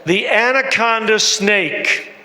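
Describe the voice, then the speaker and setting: A man's voice: sits high, slow, bright, forceful tone, reverberant, big-room sound. A man missionary preaching a sermon, telling a story dramatically and asking the congregation questions. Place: church.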